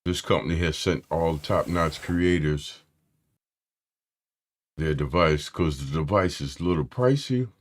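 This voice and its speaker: A man's voice: extremely low pitch, measured pace, pauses often. A man hosting a casual tech live stream, loose and slangy, greeting his chat by name. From Philadelphia area.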